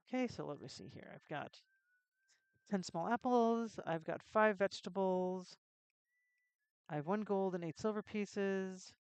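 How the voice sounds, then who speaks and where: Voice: medium pitch, measured pace, a little mellow, clean tone, no room sound. A chatty game streamer talks through a retro adventure game, reading text aloud and tossing out joking asides. The voice sits mid-range and is recorded close and dry. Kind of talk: casual let's-play commentary.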